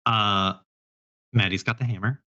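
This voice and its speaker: A man's voice: fairly low pitch, steady tone, measured pace, sharp tone. Rambling male game master, muffled audio. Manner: rambling, hedging descriptions with many fillers. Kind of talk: narrating a tabletop game. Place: live stream.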